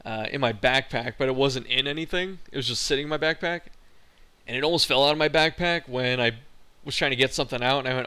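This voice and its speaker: A man's voice: mid-range voice, fast, sharp tone, smooth. A young man, a college student, telling a frustrated and profane story in a casual vlog. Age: young adult. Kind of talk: casual venting monologue.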